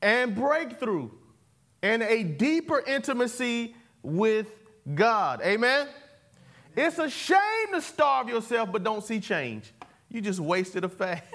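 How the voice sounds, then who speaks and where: A man's voice: high voice, a bit bright. A man preaching a sermon, calling for responses and repeating key words. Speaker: pastor. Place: church sanctuary.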